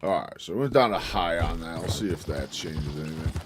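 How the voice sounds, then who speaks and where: A man's voice: deep voice, lively intonation, brisk, slight background noise. A man casually chatting while he live-streams a video game, loose and profane, breaking into yelps and laughter.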